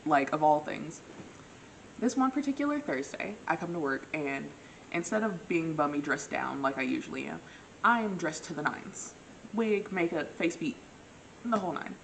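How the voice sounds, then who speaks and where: A young woman vlogger telling a dating story in a relaxed, self-mocking way, jumping up in pitch to act out what people said and laughing at herself. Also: normal speed, gravelly, a little hiss or hum, low-quality recording. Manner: animated, acts out quotes with big pitch jumps. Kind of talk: casual storytelling.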